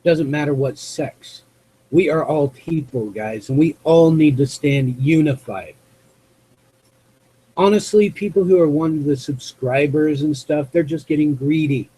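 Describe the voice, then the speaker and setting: A man from the US West Coast hosting a live call-in show, talking off the cuff in a rambling, halting way as he searches for words. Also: fairly high pitch, warm tone, husky, poor audio. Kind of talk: unscripted monologue to chat viewers.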